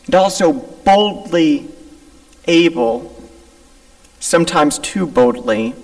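A man's voice: on the high side, lively intonation, slow pace, gravelly, a little mellow. A man preaching a sermon, retelling scripture and acting out the voices of the people in it. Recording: long hall reverb.

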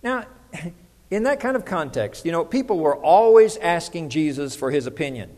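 A middle-aged male pastor delivers a conversational sermon. His voice sits high for a man, and he keeps turning to the congregation with questions. The sound carries a long reverb from the hall. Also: very animated, moderate pace, darkish tone.

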